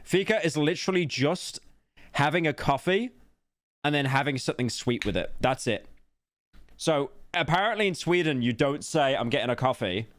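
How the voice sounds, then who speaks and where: A man's voice: a little high, lively intonation, moderate pace, no echo. A man streaming casually, reacting to a video with blunt, crude, rambling remarks.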